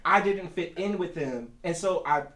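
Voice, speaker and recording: A man from North Carolina chats as a podcast guest, animated and quick to laugh. His voice sits a little high and sounds bright and forceful. He is recorded in a roomy, echoey space. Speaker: guest musician. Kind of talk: casual podcast chat. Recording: echoey room.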